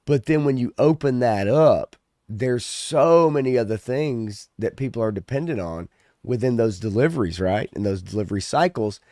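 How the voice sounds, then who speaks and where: Guy co-hosting a chill podcast, ranting and cussing, pitch jumps all over, dry close mic. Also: moderate pace, no room sound. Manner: animated, swearing, ranting. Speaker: podcast co-host. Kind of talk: casual chat.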